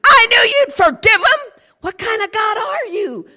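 A woman voicing a sulking biblical prophet who shouts and whines his complaints at God. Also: very high-pitched, animated, measured pace, voice pushed up, exaggerated voice. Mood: indignant.

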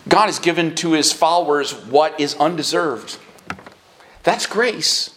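A man preaching a sermon as pastor, moving between quiet earnest stretches and high, emphatic rises. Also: animated, measured pace, slight background noise. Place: church sanctuary. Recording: echoey church hall.

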